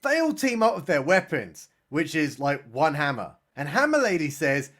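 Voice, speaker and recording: A man's voice: a little high, very animated, moderate pace, a bit bright. A man with a British accent giving a sarcastic, comedic recap of a horror film, with mock-dramatic outbursts. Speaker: film reviewer.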